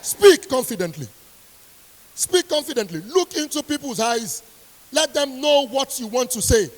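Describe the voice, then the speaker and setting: A woman's voice: high-pitched, lively intonation, a little slow. A woman delivers a motivational speech as a strict university lecturer. She is emphatic and repeats her key points for weight. Her voice rings with the long reverb of a large hall.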